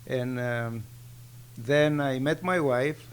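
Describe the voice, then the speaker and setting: Greek-accented older man, halting speech. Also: mid-range voice, clear, resonant tone. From Greece. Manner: plain, halting speech with simple grammar. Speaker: guest. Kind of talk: casual interview chat.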